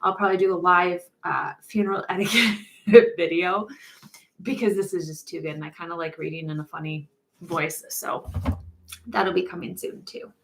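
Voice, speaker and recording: A woman, a mortician hosting a casual live-stream chat, talking in an upbeat, rambling way with frequent laughs and pauses. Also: on the low side, fairly even intonation, creaky, fairly bright tone. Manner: chatty and upbeat, laughs often between thoughts; rambling with frequent ums and restarts.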